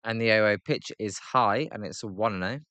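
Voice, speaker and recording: A British man giving live play-by-play reaction to a baseball game, chatty with fillers between pitches and excited calls on big plays. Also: fairly quick, no room sound. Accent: British English. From Britain.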